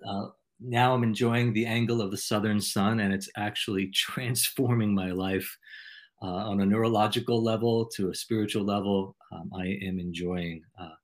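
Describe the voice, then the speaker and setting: A middle-aged man with a fairly low voice answers questions in a relaxed interview. His wording is ornate and playful, and his delivery stays measured. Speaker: podcast host, interviewed as guest. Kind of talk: conversational interview.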